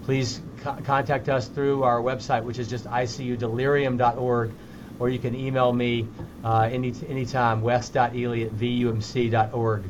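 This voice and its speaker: A man's voice: mid-range voice, flat delivery, normal speed, dull audio, noisy background. A middle-aged man, a physician guest, answering interview questions sincerely and often repeating words as he starts a sentence.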